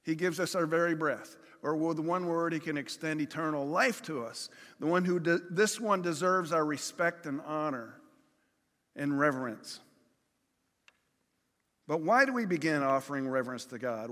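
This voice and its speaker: A man's voice: fairly high pitch, normal speed, a bit bright. A man preaching a conversational sermon, with everyday examples and acted-out pleas. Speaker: pastor. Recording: long hall reverb.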